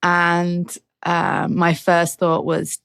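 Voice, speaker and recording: A woman's voice: fairly low pitch, completely flat delivery, extremely slow, a bit bright, clear, resonant tone, dry recording, clean studio sound. A middle-aged English woman, a racing driver, candidly telling stories in a podcast interview and laughing often. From England.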